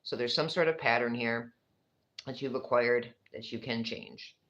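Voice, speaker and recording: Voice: medium pitch, normal speed, fairly bright tone, muffled recording. A speaker with a New York accent giving a casual, rambling tarot reading, chatty and swearing freely. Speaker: tarot reader.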